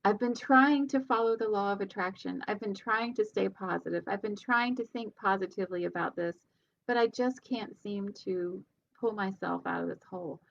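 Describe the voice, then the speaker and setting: A woman's voice: mid-range voice, normal speed, creaky, muffled recording, close to an everyday voice. A woman voicing a grieving mother who calls a radio show, speaking in a pleading, distressed way. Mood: distraught.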